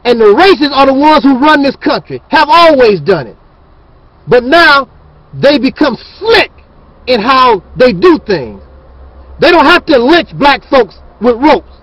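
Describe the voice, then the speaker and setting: A man's voice: very high-pitched, big pitch swings, measured pace, a bit bright, dry recording, poor audio. A man hosting his channel, ranting in a fiery, preachy and scornful monologue. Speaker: channel host.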